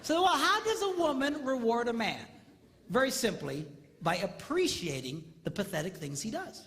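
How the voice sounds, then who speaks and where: A man giving a comedic seminar talk on marriage, animated and mimicking squealing women in falsetto. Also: normal speed, crowd noise. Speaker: comedic relationship speaker. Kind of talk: stand-up style seminar talk. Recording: live hall, faint ambience.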